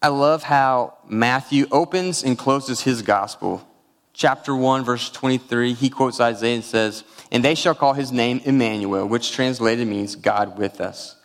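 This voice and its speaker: A man's voice: medium pitch, big-room sound. A man preaching a sermon, telling a personal story with feeling and weaving in scripture. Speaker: pastor.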